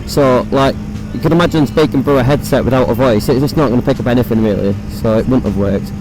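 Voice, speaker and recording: A young man with a hoarse, croaky voice, chatting casually and swearing while riding a motorbike, recorded on a phone inside his helmet. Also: medium pitch, fast, music in the background, rough recording. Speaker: motovlogger. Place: on a motorbike on city roads.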